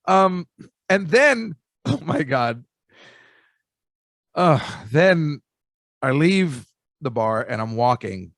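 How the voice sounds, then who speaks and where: A man's voice: on the high side, sing-song, extremely slow, long pauses, a bit bright, no echo, clean studio sound. An older man telling a long, rambling, self-deprecating comic story as a podcast host, full of restarts.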